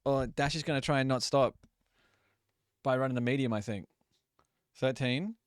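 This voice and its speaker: A young man talking through a live racing game stream in a loose, chatty way, swearing freely and apologizing often. His mid-pitched voice sounds smooth and clean. The sound is close and dry, with no room around it. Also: moderate pace, no echo. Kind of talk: casual live gameplay commentary.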